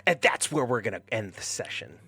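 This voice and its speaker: A man's voice: lowish voice, sing-song, brisk, pushed and bright, breathy edge, soft background music. A man narrating as game master, speaking loosely with fillers and restarts.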